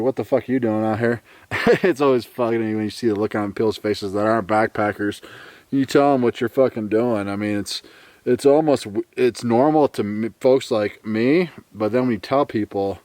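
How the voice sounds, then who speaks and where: A man talking casually to his camera while out on a long hike, swearing freely and rambling in a relaxed way. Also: fairly low pitch, moderate pace, no room sound. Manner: profane, laid-back, rambling. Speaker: thru-hiker vlogger. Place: outdoors on a trail, later a hotel room.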